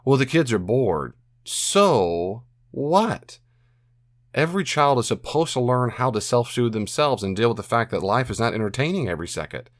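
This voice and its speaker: A man's voice: on the low side, dry recording, studio quality. A man hosting a podcast, giving earnest Christian advice on anger and repeating phrases for emphasis. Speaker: podcast host answering a listener question.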